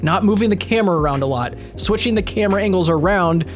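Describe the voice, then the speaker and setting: A man who makes gaming videos, answering viewer questions in a relaxed, casual chat and swearing freely. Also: high voice, quick pace, soft background music.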